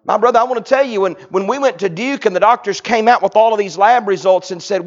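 A man, preaching a sermon that swings from loud to hushed. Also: sits high, fast. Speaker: pastor. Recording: dull lo-fi recording.

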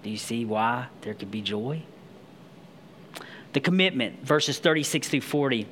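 A man preaching a sermon at a middle pitch, moving between read-aloud scripture and casual, emphatic explanation with quick restarts. A faint noise sits under his voice. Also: fairly bright tone. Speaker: pastor.

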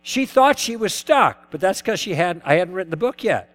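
A man's voice: sits high, big pitch swings, moderate pace, a bit bright. A man giving a lecture, telling stories of past conversations and putting questions to his audience. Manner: acts out both sides of past dialogues, poses questions to the audience. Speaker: lecturer teaching conversation tactics. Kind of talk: lecture told through personal anecdotes.

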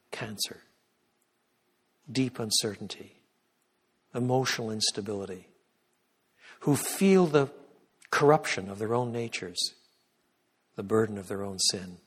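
A guest lecturer gives a sermon-style talk in a church, his voice fairly low and slightly husky. He's emphatic, hammering key points at loud peaks before dropping into hushed, reverent prayer, all ringing with the church hall's long reverb.

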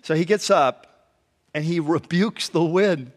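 A man preaching a conversational sermon as a pastor, telling the story in an animated way and acting out the quotes. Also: fairly high pitch, takes it slowly. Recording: long hall reverb.

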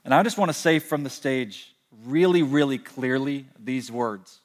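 Young man, pastor, storytelling sermon, mid-pitched voice, long echoing hall reverb. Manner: conversational storytelling with slow emphatic pauses. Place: large hall, speaking from a stage.

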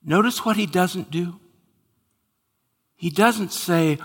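A man preaching a sermon with dramatic swings between loud exclamations and hushed whispers, in a large church hall. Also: sits high, takes it slowly, long pauses, husky. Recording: hall reverb.

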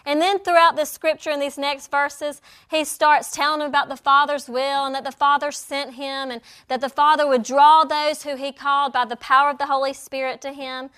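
A woman teaching a Bible lesson, acting out the quoted lines with lively storytelling. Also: high-pitched, normal speed, hardly any pauses. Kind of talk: sermon.

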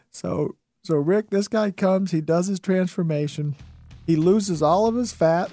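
A man's voice: a little high, normal speed, creaky, dark tone, no echo, clean studio sound. A man hosting a radio talk show, telling stories and urging listeners on in an earnest, motivational way with many fillers.

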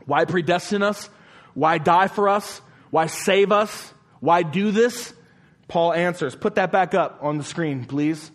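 Emphatic preaching man, fairly high voice. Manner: emphatic, rhetorical repeated questions; drops to a quiet, slow voice for emphasis. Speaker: pastor. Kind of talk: sermon.

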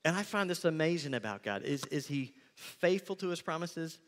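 A man preaching a sermon as pastor, conversational and animated, acting out quick asides. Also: on the high side, in a large hall.

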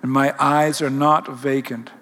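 A man's voice: medium pitch, level tone, a little slow, a bit bright. A man playing a watchful, protective father who speaks firmly and insistently. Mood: firm, resolute. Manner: firm, insistent. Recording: long hall reverb.

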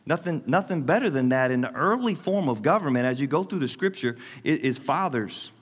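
This pastor, a man in his forties, speaks a little fast in a fairly high, slightly rough voice that echoes with long reverb through the church hall. Preaching to his congregation, he animatedly spins funny stories and laughs a lot.

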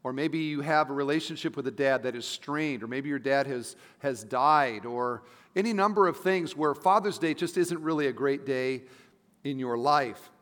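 A middle-aged man, a pastor, giving a conversational sermon, dropping to soft asides and rising to emphatic points. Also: mid-range voice, normal speed. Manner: conversational preaching, shifting between soft asides and emphatic rises. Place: church sanctuary. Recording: long reverb of a large hall.

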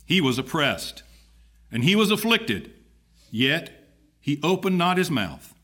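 In church, a man reads scripture aloud solemnly, in a measured, dramatic style with lively pitch, as the congregation answers "amen" in the background.

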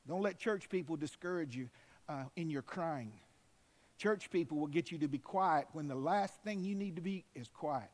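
A man pastor delivers a sermon with fervent conviction. His voice sits a little high for a man. He moves between softer asides and loud, emphatic declarations. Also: normal speed. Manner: fervent, rising to emphatic shouts.

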